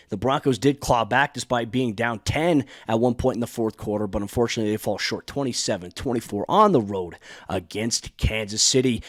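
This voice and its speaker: A man hosting a sports podcast, talking in an energetic, emphatic way. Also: medium pitch, no echo, studio quality. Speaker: podcast host.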